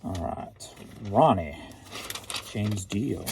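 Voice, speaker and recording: A gravelly-voiced man from St. Louis, Missouri, rambling in a loose, joking way and riffing on one name after another. His intonation swings widely and stays lively throughout. A steady hiss of background noise sits clearly under the home recording. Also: on the low side, drawn-out words. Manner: playful, riffs jokingly on names. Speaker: online reseller. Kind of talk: casual rambling chat.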